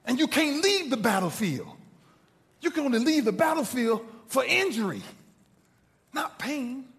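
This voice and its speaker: A man giving an inspirational speech to a live audience, telling a story dramatically and swinging from loud bursts to hushed asides. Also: extremely high pitch, sing-song, unhurried. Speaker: motivational speaker. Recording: long reverb of a large hall.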